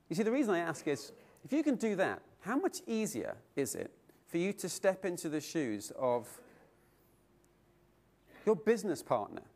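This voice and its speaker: A middle-aged man delivering a keynote speech at a conference. He tells stories with lively swings in his voice and keeps putting rhetorical questions to the room. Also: fairly high pitch. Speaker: keynote speaker. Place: conference hall.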